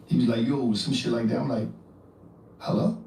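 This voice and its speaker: Animated man telling stories, echoey and distant. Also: medium pitch, fast, vocal fry. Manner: animated, acts out voices in his stories; frequent profanity and slang. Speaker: interview guest. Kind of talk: casual storytelling. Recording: echoey room, distant from mic.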